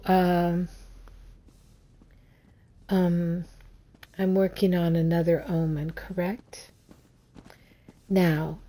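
Woman streamer, casual gameplay commentary, lowish voice, slow pace, unhurried. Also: dark tone. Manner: unhurried, thinking aloud with fillers. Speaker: game streamer.

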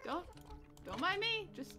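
A high-voiced woman gives let's-play commentary over background music. Her pitch leaps all over the place as she coos at creatures and yelps at sudden danger. It is an animated, conversational gaming delivery. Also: measured pace. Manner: chatty, talks to game creatures, bursts into excited shrieks. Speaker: gaming channel host.

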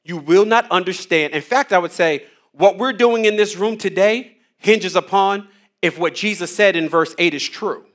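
A man's voice: high-pitched, normal speed, fairly bright tone. A man leading a church Bible study on a headset mic, teaching with energy, casual slang and call-and-response lines to the room.

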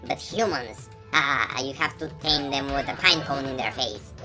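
A woman's voice: rumbling low, moderate pace. A woman giving playful let's-play commentary, chatty and teasing as she talks to the characters on screen. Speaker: gameplay commentator. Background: game music.

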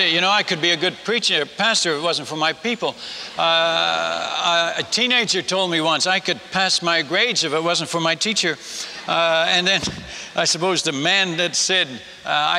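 With a bright, forceful voice on the high side, some vocal fry and a moderate pace, an older missionary speaker from the Netherlands delivers a funny missionary tale as a sermon. His Dutch accent and folksy manner come with many restarts, and a long hall reverb with faint noise surrounds him.

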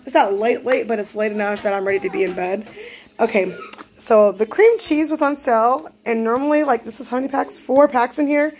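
A woman's voice: on the high side, steady tone, brisk, a little mellow. A woman, a mother of six vlogging casually from her home kitchen at night, chatty and rambling. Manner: chatty, rambling, loses track. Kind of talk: casual vlog chat.

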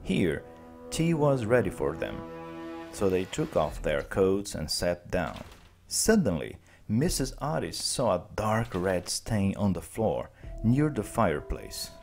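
Deep-voiced man reading a story slowly. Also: soft background music. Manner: slow, clear, expressive. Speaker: teacher. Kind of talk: storybook narration for learners.

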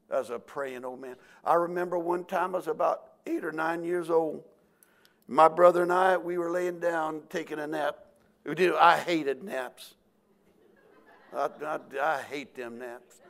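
A man's voice: fairly high pitch, steady tone, a little slow, gravelly. Older male pastor, folksy storyteller, acts out voices mid-sermon.

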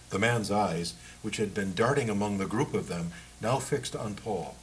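A man, the author, reading aloud from his book in a measured, steady way. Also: fairly low pitch, a little hiss or hum, rough recording.

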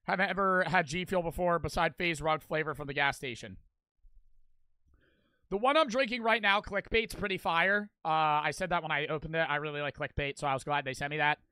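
A man's voice: on the high side, fairly quick, bright, forceful tone, clean tone, no room sound. A young man livestreaming, chatting loosely and crudely with his chat, reading out donations and a little out of breath. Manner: loose, profane, talks straight to chat. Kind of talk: casual live stream chat, reading donations.

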